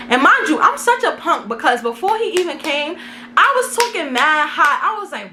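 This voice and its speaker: Lively high-voiced young woman telling a story. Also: normal speed, a little hiss or hum. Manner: animated, dramatic retelling with slang. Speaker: vlogger. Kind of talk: casual storytime.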